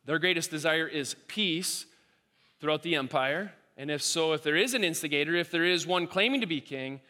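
High-voiced animated male preacher. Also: moderate pace. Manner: animated, acts out quoted voices, repeats himself. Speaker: pastor. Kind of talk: sermon. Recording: long hall reverb.

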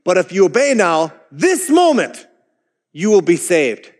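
A pastor reads aloud as a plain-spoken country lay preacher, earnest and insistent, hammering the same plea over and over. His voice sits high and strains upward. It rings out with a long reverberant hall tail. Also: sing-song, measured pace. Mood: urgent. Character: homespun fervent male lay preacher, pleading.

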